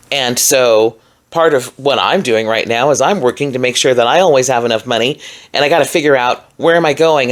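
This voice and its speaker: Frustrated woman venting on camera. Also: extremely low pitch. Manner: frustrated and emphatic, rambling with fillers. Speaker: vlogger. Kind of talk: casual solo video commentary. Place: room, alone.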